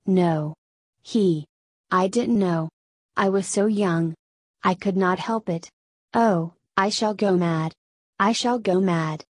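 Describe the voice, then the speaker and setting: A woman's voice: fairly low pitch, slightly rough, dry recording, clean studio sound. Woman reading as a tearful, ashamed young woman. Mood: distraught. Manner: tearful and halting.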